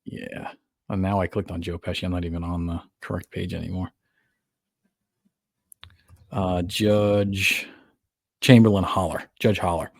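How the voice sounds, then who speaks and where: Low-voiced man, animated podcast storyteller. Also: measured pace, gravelly, pauses often, dry recording, studio quality. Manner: animated storyteller, laughs at his own retellings. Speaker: podcast co-host. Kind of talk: casual film review chat.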